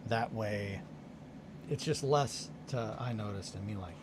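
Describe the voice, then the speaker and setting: A man's voice: fairly low pitch, measured pace, background noise. A tired man hosting a casual hobby livestream from his home workshop, telling a story in a rambling way with restarts and fillers. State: tired, just woken up.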